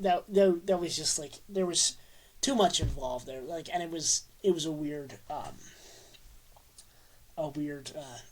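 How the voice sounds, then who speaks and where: A young adult sports fan ranting to camera, rambling and excitable, with a steady stream of "like" fillers. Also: mid-range voice. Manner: rambling and excitable, heavy use of "like". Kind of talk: casual rant to camera.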